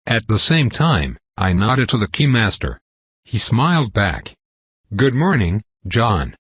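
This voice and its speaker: Husky, low male storyteller, even plain reading, dry close sound. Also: measured pace, dry recording. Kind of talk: scripted narration.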